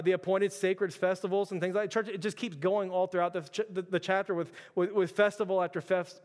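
A male pastor preaching a passionate sermon, repeating himself for emphasis, with frequent "like" and addressing the congregation as church. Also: sits high. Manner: passionate, repetitive, keeps addressing "church" and saying "like". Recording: long reverb of a large hall.

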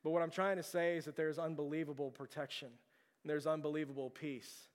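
A young adult man preaches a sermon in a church, chatty and conversational, often putting questions to the congregation. His voice sits a little high for a man. The sound carries a long reverb tail from the sanctuary. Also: little pitch movement, brisk. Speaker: pastor.

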